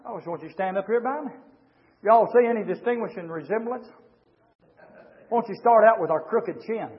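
A man preaching a fiery revival sermon in a church, swinging from shouted, rising lines to low, quiet asides. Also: brisk. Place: church sanctuary with a congregation. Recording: dull lo-fi 1990s church recording with long reverb.

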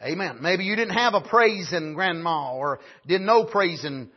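A man preaching a sermon at a camp meeting, punctuating with frequent "amen" and building up to shouts. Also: sits high, animated, unhurried, breathy edge, highs cut off.

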